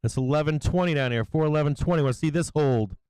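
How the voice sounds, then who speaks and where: A man hosting a live stock-market stream, swearing freely and explaining chart levels, with bursts of excited yelling. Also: a little high, fast, smooth, dry recording, low-quality recording. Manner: profane, excitable, yelling at times. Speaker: stock market livestream host. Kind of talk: live trading commentary.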